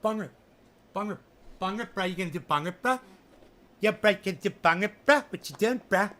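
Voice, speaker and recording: A man puts on a lazy young stoner guy with a bright, high voice that drawls slang in loose, repeated bursts. He keeps a slack, easygoing manner throughout. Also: animated, fairly quick. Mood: lazy, teasing. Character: laid-back young male stoner buddy.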